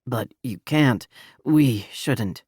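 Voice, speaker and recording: A woman reading the part of a tender, caring man in a romance audiobook, dropping her voice low and speaking gently. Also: very slow, husky, no room sound, clean studio sound, full character voice. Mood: restrained.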